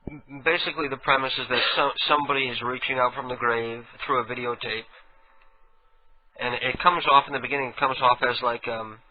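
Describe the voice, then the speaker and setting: A man's voice: medium pitch, fairly even intonation, brisk. Rambling male radio host, tinny sound. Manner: rambling, chatty, many restarts. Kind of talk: casual radio chat. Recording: tinny phone-like radio audio with faint hiss.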